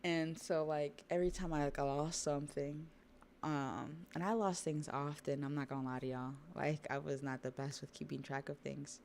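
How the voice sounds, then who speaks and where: A woman hosting a livestream, chatting casually about a manga while drawing, with relaxed asides to her viewers. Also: sits low, moderate pace, gravelly, a little hiss or hum. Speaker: livestream host.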